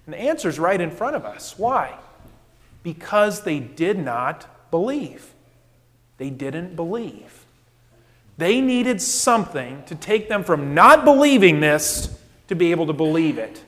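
High-voiced male preacher in a reverberant hall. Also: very animated, measured pace, fairly bright tone. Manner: emphatic, rhetorical questions, building intensity. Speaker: pastor. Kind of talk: sermon.

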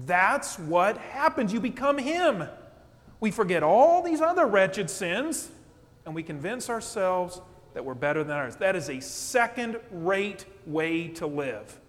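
A man preaching a sermon as pastor, animated and conversational, often checking in with "okay?". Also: sits high. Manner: animated preaching, acts out quotes, asks "okay?". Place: church sanctuary. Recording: long church reverb.

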